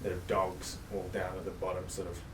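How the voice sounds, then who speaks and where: A man's voice: low-pitched, completely flat delivery, brisk. A man narrating a tabletop game as game master in a loose, meandering way. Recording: roomy, far from mic, noisy.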